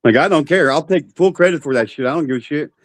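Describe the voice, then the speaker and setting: A man's voice: fairly high pitch, fast. Blunt man over a faintly noisy line. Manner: blunt, profane. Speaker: guest on a stream. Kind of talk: casual chat.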